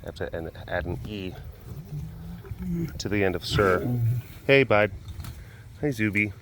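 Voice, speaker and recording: A man's voice: on the low side, lively intonation, unhurried, a bit bright, slight background noise. A man hosting a casual walk-around vlog at an animal facility, rambling playfully and chatting to the animals. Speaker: animal keeper vlogger. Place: outdoors at a rural animal facility.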